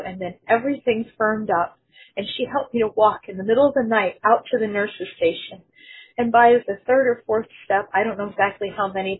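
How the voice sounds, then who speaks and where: Breathy woman, earnest testimony, narrow phone-like sound. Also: mid-range voice. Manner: earnest storytelling, quotes others in her own voice. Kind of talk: personal testimony.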